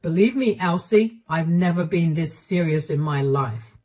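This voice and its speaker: A woman's voice: fairly low pitch, lively intonation, a little slow, a little mellow, pitched below the performer's own voice. A woman doing a stern, accusing husband.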